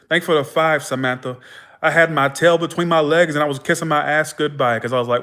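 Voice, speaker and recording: A man's voice: a little high, fast. A young man hosting a livestream, telling his stories casually with swearing and acting out the people in them. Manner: animated, profane, acts out dialogue in his stories. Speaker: tarot livestream host.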